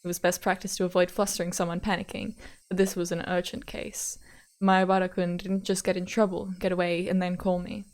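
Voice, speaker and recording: A woman's voice: fairly low pitch, little pitch movement, a little fast, darkish tone. A woman streamer reading a visual novel aloud, breaking off into giggly casual asides and playful repetitions of words.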